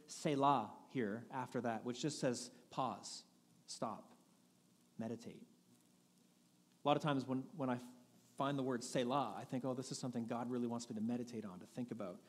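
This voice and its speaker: A man's voice: medium pitch, fairly even intonation, quick pace, long reverb tail. A man preaching a sermon as pastor, in a candid, conversational manner with frequent restarts. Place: church sanctuary.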